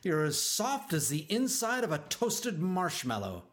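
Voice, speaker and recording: A man doing a gruff, bossy bug coach. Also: high voice, wildly swooping pitch, measured pace, voice pushed up, full character voice. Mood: grumbling. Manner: grumbling, shouting, bossy. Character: gruff tough old male insect sports coach. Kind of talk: storybook reading.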